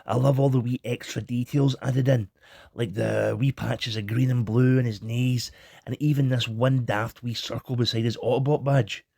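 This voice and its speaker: A man's voice: mid-range voice, steady tone, moderate pace, vocal fry, dark tone, no echo, clean studio sound. A Scottish man giving a cheeky, irreverent toy review in a scripted comic style.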